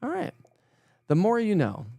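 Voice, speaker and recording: A man's voice: sits high, huge pitch swings, moderate pace, gravelly, warm tone, no echo. A man hosting a casual morning weather live stream, chatting with viewers, joking at himself and laughing often. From Colorado. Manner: chatty, self-mocking, laughs often, stumbles over words.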